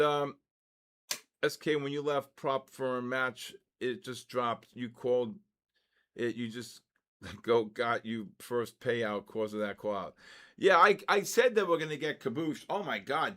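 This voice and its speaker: A man's voice: mid-range voice, measured pace, a bit bright. An older man from the Bronx, hosting a live trading stream and chatting casually with viewers between market calls. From the Bronx, New York.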